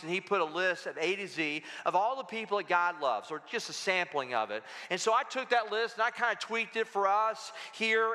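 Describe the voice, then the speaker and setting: Man, pastor, sermon, high voice, long hall reverb. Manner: animated storytelling with humor. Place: church sanctuary.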